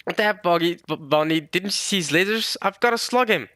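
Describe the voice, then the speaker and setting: A man voicing an impatient young pirate captain from a manga, who shouts in exasperation. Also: high voice, fairly quick, dry recording, studio quality, pitched above the performer's own voice. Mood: exasperated.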